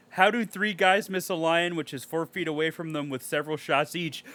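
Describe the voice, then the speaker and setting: Bright-voiced man ranting sarcastically. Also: fairly high pitch, moderate pace, hardly any pauses. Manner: reads a review aloud and rants at it with sarcastic, profane outbursts. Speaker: podcast co-host. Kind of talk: casual podcast movie review.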